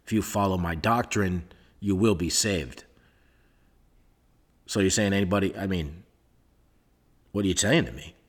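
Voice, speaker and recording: A low-pitched man with a breathy edge hosts a podcast by himself, rambling, sarcastic and swearing. The recording is made on a microphone into a laptop in a soundproofed room.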